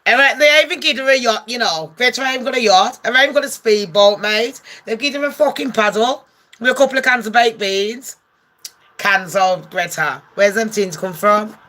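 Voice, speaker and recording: A woman rattles off comic gossip commentary with a bright, sharp-edged voice. She is brash and sarcastic, swearing freely as she talks. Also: on the high side, normal speed. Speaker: gossip vlogger.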